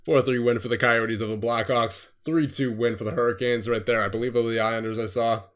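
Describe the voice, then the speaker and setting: A young man casually commentating his own hockey management game, rattling off results in quick bursts with a mid-range voice. His voice sounds a little worn, and keyboard typing clicks away behind him. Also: mid-range voice, fairly even intonation, a bit bright. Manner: rattles off scores in quick bursts, then laughs at himself. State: voice getting tired. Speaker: gaming streamer.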